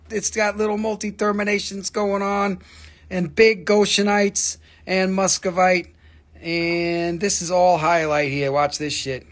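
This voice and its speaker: A middle-aged man with a Southern American accent, his voice pitched noticeably high. He rambles excitedly and swears freely as he hosts a live sale. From Southern United States. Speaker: host selling rocks. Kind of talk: live sales stream chat.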